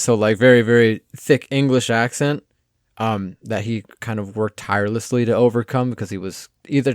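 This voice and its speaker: A man co-hosting a film podcast, easygoing and thinking out loud with many fillers. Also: mid-range voice, no room sound, clean studio sound. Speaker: podcast co-host. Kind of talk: casual chat reviewing a film.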